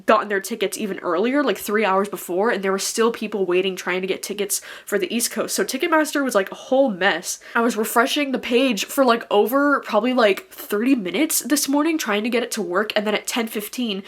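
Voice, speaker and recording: Young woman vlogger just chatting, swears a ton, says like every other word, medium pitch. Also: brisk, hardly any pauses. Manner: chatty, swears a lot, many filler "likes". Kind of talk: casual chat to camera.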